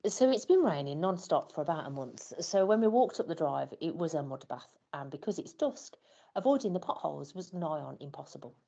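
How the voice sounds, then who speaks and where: A woman's voice: low voice, expressive, brisk, gravelly, dark tone, muffled recording. A woman telling a scripted first-person story as a flustered parent, wry and self-deprecating. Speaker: parent in a training scenario.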